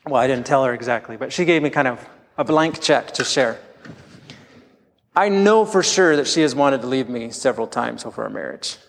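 A man's voice: medium pitch, expressive, moderate pace, creaky, big-room sound. A middle-aged man preaching a sermon as pastor, telling candid, self-deprecating stories from his own life.

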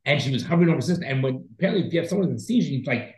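A man's voice: mid-range voice, lively intonation, rapid-fire, a little mellow, roomy sound, low-quality recording. A man co-hosting a podcast, telling a long story in a rambling, profane, casual way. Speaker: podcast co-host. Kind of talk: casual chat.

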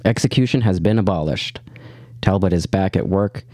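A man's voice: sits low, normal speed, mellow, no echo, clean studio sound. A man co-hosting a podcast, recapping a TV episode in casual chat. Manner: reads plot summary between jokes. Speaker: podcast co-host.

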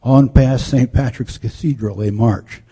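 A man narrates a historical story in a measured, solemn manner. His voice is deeply dark and mellow, with a husky grain. He reads steadily and sometimes trips over a word and repeats it. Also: steady tone. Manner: measured, solemn delivery with occasional slips.

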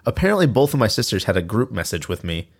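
A young man in his twenties with a lowish voice, co-hosting a casual podcast. He tells rambling stories, drops in quoted asides and swears freely. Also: very animated, fast, creaky, slightly rough. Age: 20s. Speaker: podcast co-host. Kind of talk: casual chat.

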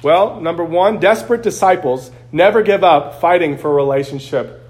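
A man's voice: on the high side, moderate pace, darkish tone. A man preaching a sermon as pastor, earnest and conversational, acting out quotes along the way.

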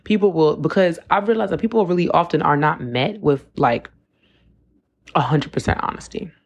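A woman's voice: sits low, moderate pace, husky. A woman, hosting a casual reflective podcast monologue, talking loosely with lots of "like" and restarts. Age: 20s. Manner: conversational, with frequent "like" and self-corrections. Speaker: podcast host.

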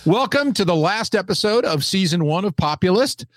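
A man co-hosting a podcast, chatting in a relaxed, friendly way with some restarts. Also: high voice, normal speed, no echo, studio quality. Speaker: podcast co-host. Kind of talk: casual chat.

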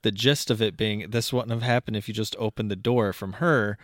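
A man's voice: on the low side, fairly quick, dry recording, studio quality. A man co-hosting a casual podcast, reading a post aloud and reacting with frequent laughs. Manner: laughs often, animated when reacting. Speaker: podcast co-host.

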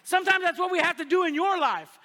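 A man preaching a sermon as a pastor, folksy and animated, calling out to the congregation. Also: very high voice, fast. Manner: folksy, animated preaching with audience call-outs. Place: large church auditorium. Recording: long hall reverb.

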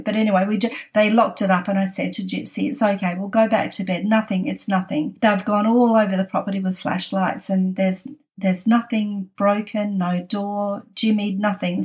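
A middle-aged woman with an Australian accent tells a story in a relaxed, chatty way. She laughs easily as she talks, in a voice of ordinary pitch. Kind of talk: casual spoken anecdote.

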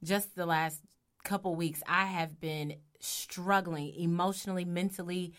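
A woman co-hosting a casual faith talk show, telling a personal story in an animated way and laughing often. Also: lowish voice, measured pace. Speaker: podcast co-host.

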